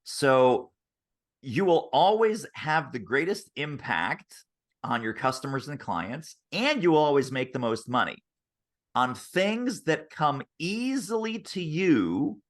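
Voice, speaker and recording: An animated male interview guest talks shop about selling over a video call. His pitch swoops as he tells stories and slips into quoted voices. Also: slow pace. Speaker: sales author and consultant.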